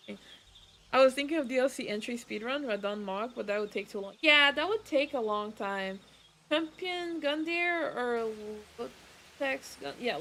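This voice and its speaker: A woman's voice: on the high side, bright, forceful tone, slight background noise. A woman, a Portuguese speaker, chatting casually on her stream and laughing often. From Brazil. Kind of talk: casual chat.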